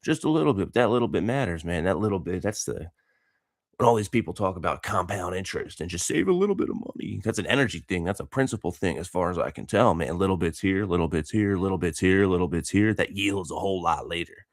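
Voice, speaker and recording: Laid-back deep-voiced man rambling. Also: expressive, fast talker, dry recording, studio quality. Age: 30s. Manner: rambling, laid-back, laughs often, dude slang. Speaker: vlogger and coach. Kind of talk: casual motivational monologue.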